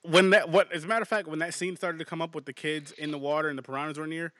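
A man co-hosting a casual movie podcast, talking excitably with lots of swearing and restarts. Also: a little high, rapid-fire, no echo, clean studio sound. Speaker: podcast co-host.

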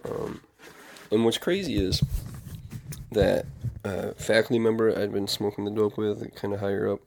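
A man's voice: lowish voice, moderate pace, gravelly, darkish tone, a little hiss or hum. A man talking in a casual confessional monologue, rambling and earnest, with many fillers and restarts. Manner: earnest, reflective. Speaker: vlogger.

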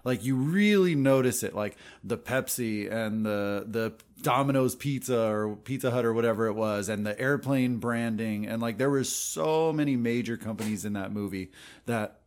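A man's voice: mid-range voice, normal speed. Hesitant man chiming in on a podcast. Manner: hesitant, filler-heavy, joking. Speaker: podcast co-host. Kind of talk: casual chat.

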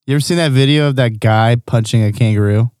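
A man co-hosting a podcast in casual chat, chiming in with quick quips. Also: mid-range voice, darkish tone, dry recording, clean studio sound. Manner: quick quips and agreeing interjections. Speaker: podcast co-host.

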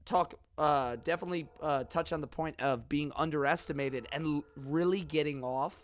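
A man co-hosts a casual podcast in a slightly higher voice than most men. He talks bluntly and jokes around, swearing freely. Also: moderate pace. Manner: blunt, profane, joking. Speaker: podcast co-host.

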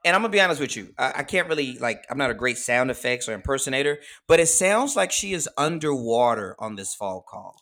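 A man in his forties telling a personal story in casual chat, animated and often laughing as he talks. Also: mid-range voice, fast talker, few pauses. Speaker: guest storyteller.

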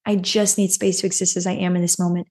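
A woman's voice: lowish voice, level tone, fast, a little mellow, breathy edge. A woman hosting a podcast, telling a personal story and giving self-help advice in an earnest way, often adding a questioning "right?". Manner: earnest, repeats phrases, frequent rhetorical "right?". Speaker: podcast host.

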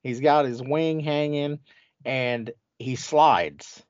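A man trashes a team with crude, gleeful mockery, his voice sitting at a middle pitch. The sound is dry and a little dull, with no room around it. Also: slow, no room sound. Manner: mocking, crude, animated storytelling. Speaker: podcast host. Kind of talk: profane sports banter.

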